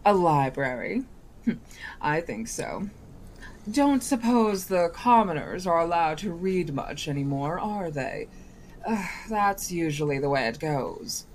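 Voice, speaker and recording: A woman's voice: on the low side, animated, slow pace, slight background noise. A woman voicing a sly, mocking male genie disguised as a boy, who talks in a coaxing, wheedling way.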